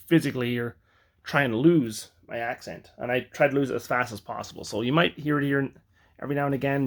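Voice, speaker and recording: A man's voice: mid-range voice, vocal fry, fairly bright tone. A man from Ireland telling a personal story in a rambling, reflective way, often breaking off to correct himself. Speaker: vlogger.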